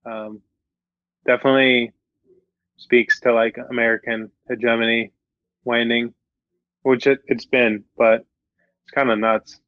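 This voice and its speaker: A man's voice: medium pitch, little pitch movement, measured pace, pauses often, dry recording, narrow, tinny audio. A man musing in a casual chat, hesitant and full of fillers. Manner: hesitant, lots of fillers and restarts.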